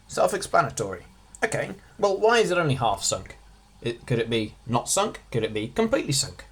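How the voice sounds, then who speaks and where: A man's voice: medium pitch, huge pitch swings, normal speed, husky. A man giving a casual revision lesson as a tutor, chatty, with jokey asides, stressing single words.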